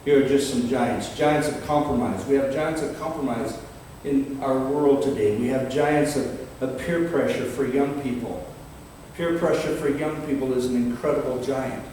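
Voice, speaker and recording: An older man preaching a sermon in a fiery, dramatic way, reading scripture slowly and emphatically and swinging between loud and quiet. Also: medium pitch. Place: large church hall. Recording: echoey hall from far off, faint background noise.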